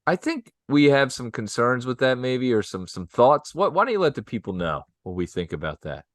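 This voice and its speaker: Lively, teasing podcast co-host man. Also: mid-range voice, normal speed, dry recording, clean studio sound. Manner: teasing and upbeat, laughs easily. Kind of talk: casual chat.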